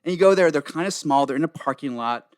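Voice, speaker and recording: Profane, animated man telling a story. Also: fairly high pitch, fast, dry recording, studio quality. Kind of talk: casual podcast chat, storytelling.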